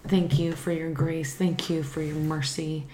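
A woman's voice: sits low, little pitch movement, warm tone, roomy sound, slight background noise. A woman co-hosting a faith podcast, talking earnestly about faith and then leading a prayer. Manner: earnest, reflective, pauses and restarts. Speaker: podcast co-host. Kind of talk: casual Bible discussion and spoken prayer.

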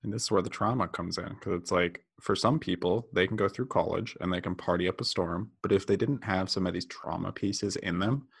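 A man's voice: sits low, brisk, gravelly, few pauses, husky. A man in casual conversation who talks candidly and reflectively and swears freely.

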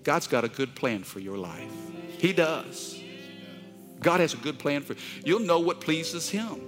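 A middle-aged pastor delivers his sermon in a voice pitched a little high for a man. He tells stories with open emotion and plenty of humor. Soft music plays quietly in the background. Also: unhurried. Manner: emotional, animated storytelling with humor.

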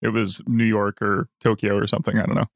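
A man co-hosting a podcast, adding quick amused comments in casual chat. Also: on the low side, flat delivery, creaky, fairly bright tone, no room sound, studio quality. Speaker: podcast co-host.

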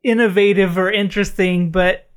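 A woman's voice: mid-range voice, steady tone, moderate pace, clear, resonant tone. Chatty wry woman co-host. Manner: wry, chatty, laughs while talking. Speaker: podcast co-host. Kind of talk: casual chat.

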